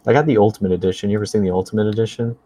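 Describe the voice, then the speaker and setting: A man's voice: fairly low pitch, steady tone, racing, mellow. A young man chatting casually about movies, ranting and sarcastic.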